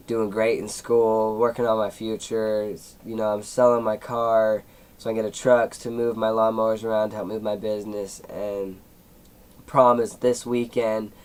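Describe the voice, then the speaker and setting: A man's voice: fairly low pitch, poor audio. A seventeen-year-old young man telling a personal story in a casual vlog, rambling with many fillers and at times emotional. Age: teens. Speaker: YouTuber.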